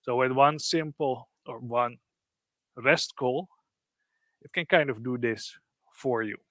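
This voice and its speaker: A man presenting a live software demo, explaining in loose, casual phrasing with frequent fillers. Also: mid-range voice, slow, no room sound.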